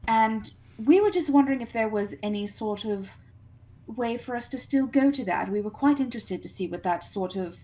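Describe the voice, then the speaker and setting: A woman's voice: a little high, normal speed, a little mellow, lightly acted. A woman voicing a polite, refined female adventurer who speaks formally in a tabletop game.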